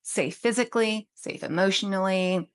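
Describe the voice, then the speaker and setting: Calm woman giving steady parenting advice. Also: mid-range voice, normal speed, smooth. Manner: calm, steady, coaching tone with frequent "right?". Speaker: social work background. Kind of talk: direct-to-camera advice talk.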